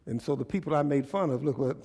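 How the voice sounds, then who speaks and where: A man's voice: mid-range voice, quick pace, creaky, mellow, husky. A man preaching a sermon as pastor in front of his church congregation, folksy and conversational, often asking the listeners rhetorical questions.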